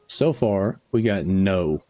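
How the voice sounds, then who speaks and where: A man's voice: low-pitched, expressive, slow pace, a little mellow, dry recording, faint music behind. A man live streaming a game, chatting casually with his viewers in a rambling, chuckling way, tired after hours on air.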